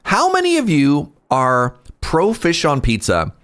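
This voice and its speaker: A male streamer in casual chat with his viewers, rambling and cutting himself off, with sudden animated outbursts. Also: fairly high pitch, a little slow.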